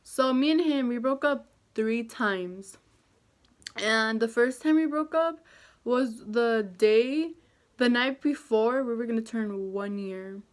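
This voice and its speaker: A woman's voice: fairly high pitch, slow. A young woman talking to camera in a casual storytime vlog, chatty and self-deprecating, with lots of fillers. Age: young adult. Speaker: vlogger.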